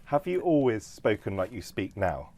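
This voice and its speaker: Deep-voiced male interviewer. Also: very animated, a little mellow. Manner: brisk, teasing questions. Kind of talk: quick-fire interview questions.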